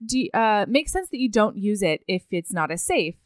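Animated woman recapping a book. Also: mid-range voice, moderate pace, dry recording, studio quality. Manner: animated, retells scenes with quoted voices and laughs. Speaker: podcast co-host. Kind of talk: casual book chat.

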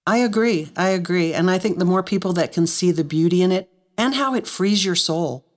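Her voice is on the low side, expressive and a little fast, as she hosts a podcast. She speaks earnestly and emotionally, choked up, addressing both her guest and listeners in a heartfelt interview.

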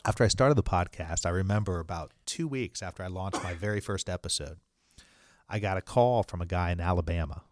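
A man with a deep, low-pitched voice talks as an interview guest. He explains his points earnestly and restarts his sentences as he thinks. The recording is dry and close, with no room sound. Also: a little fast, dry recording. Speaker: franchise attorney and podcast host.

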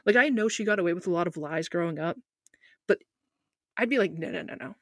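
A young woman talking as a podcast guest in casual chat, animated and talkative, saying "like" a lot. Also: on the low side, a little fast, no room sound, studio quality. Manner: animated, talkative, heavy use of "like".

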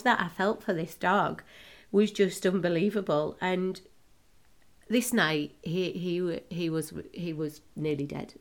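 A middle-aged woman hosting a podcast, telling a personal story emotionally, with halting restarts. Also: lowish voice, steady tone. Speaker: podcast host.

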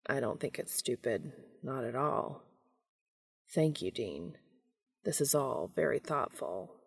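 A woman voicing a gentle, earnest, lonely adult man who speaks softly and quietly. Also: deep voice, moderate pace, gravelly, slightly rough, heavily acted. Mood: subdued. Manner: soft, quiet and subdued.

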